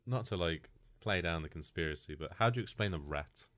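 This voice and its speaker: A man's voice: low voice, animated, brisk, a bit bright, no room sound, clean studio sound. A man co-hosting a podcast, teasing the others and swearing freely. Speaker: podcast co-host. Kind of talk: casual podcast banter.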